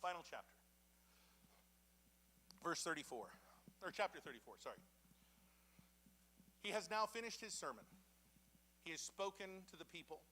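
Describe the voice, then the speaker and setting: A young adult man preaching in a church, casual and animated, with dramatic voices for each quote. His voice sits high for a man and sounds bright and forceful. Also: moderate pace, long pauses, a little hiss or hum. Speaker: pastor. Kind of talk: sermon. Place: church sanctuary.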